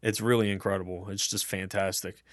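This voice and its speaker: A man's voice: low-pitched, flat delivery, a little fast, no echo, studio quality. A man rambling enthusiastically through an unscripted film review, swearing often and piling up fillers and restarts.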